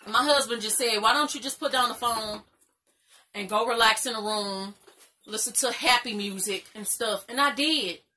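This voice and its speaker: A young woman talks straight to the camera in a bright, forceful voice. She gives casual, emphatic advice and repeats her points with informal slang. At times she is close to tears. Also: a little high, normal speed, slight background noise. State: crying at times. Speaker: vlogger.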